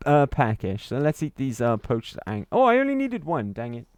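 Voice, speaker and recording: A man's voice: mid-range voice, huge pitch swings, normal speed, no room sound. Chatty man streaming a game. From Wales. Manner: chatty, laughs often, reads chat aloud. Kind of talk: gaming livestream commentary.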